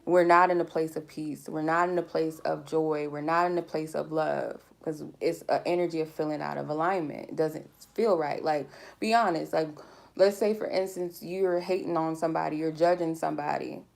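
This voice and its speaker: A woman's voice: low voice, fairly even intonation, normal speed, creaky. A woman giving a collective tarot reading in a casual, rambling way, speaking candidly and swearing freely. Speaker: tarot reader.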